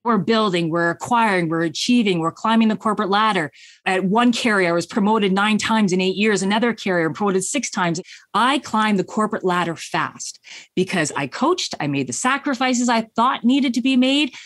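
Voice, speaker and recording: A middle-aged woman tells a personal story in a podcast interview, earnest and heartfelt. Her voice sits at an ordinary middle pitch. It is recorded close and dry, with no room sound. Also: moderate pace, dry recording. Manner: earnest, heartfelt, acts out her own past thoughts. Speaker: business coach.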